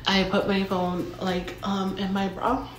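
A woman's voice: mid-range voice, completely flat delivery, a little slow. Chatty young woman in a roomy space. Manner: chatty, heavy filler words, dramatic asides. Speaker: vlogger telling a story. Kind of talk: casual storytime monologue. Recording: roomy echo.

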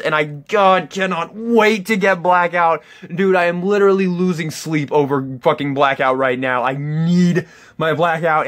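A man's voice: high voice, fairly bright tone. A man hosting a casual toy review, enthusiastic and rambling, with a lot of restarts and some casual swearing.

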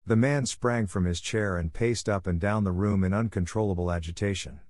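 Man, audiobook narrator, measured, even, fairly low voice, dead-dry studio. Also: dry recording.

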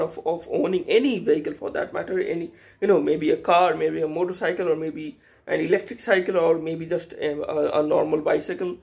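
Rambling young man, high gravelly voice. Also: steady tone, brisk. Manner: rambling, hesitant, many fillers and restarts. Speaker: YouTuber. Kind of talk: casual unscripted vlog monologue.

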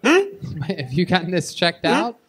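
A man hosting a live comedy show, answering with dry, incredulous reactions and quick questions. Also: sits high, wildly swooping pitch, husky.

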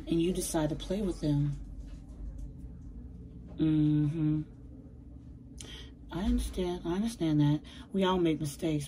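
Low-voiced woman giving a chatty tarot reading. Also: dark tone, a little hiss or hum, rough recording. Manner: chatty, slangy, emphatic, addresses viewers as baby. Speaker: tarot reader. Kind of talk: casual tarot reading to camera. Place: bedroom at home.

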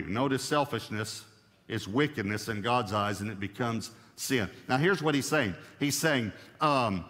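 A man preaching a sermon at a mid-range pitch, driving his points home by repeating them. His voice carries a long reverb, like a large hall. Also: measured pace, a bit bright. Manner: emphatic, repeats key phrases for stress. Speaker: pastor.

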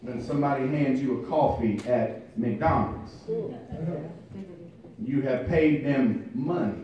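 A male pastor preaching a sermon, building from quiet to loud, emphatic delivery with drawn-out phrases. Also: mid-range voice, slight background noise. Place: church sanctuary. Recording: distant echoey church recording, muffled.

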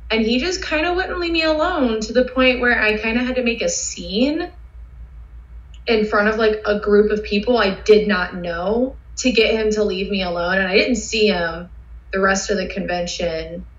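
A woman guest telling excitable, rambling stories with lots of fillers in a casual interview. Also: medium pitch, moderate pace. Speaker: guest cosplayer. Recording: roomy, dull sound.

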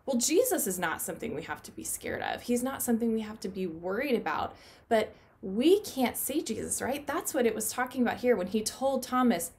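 A woman teaching a children's Bible lesson from her home playroom, talking gently to the kids and asking them questions. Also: a little high, lively intonation, fairly quick.

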